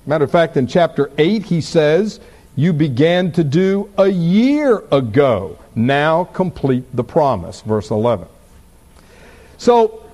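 A man preaching a sermon, teaching in an unhurried, expressive way and asking his listeners rhetorical questions. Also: a little high.

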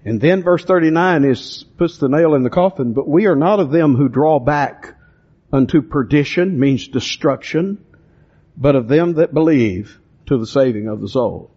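A man preaches from the pulpit, his voice sitting a little high for a man. He reads verses slowly, leaning hard on single words, then drops into plain, direct talk with his listeners. The recording is dull and lo-fi. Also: mellow, husky. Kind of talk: expository sermon.

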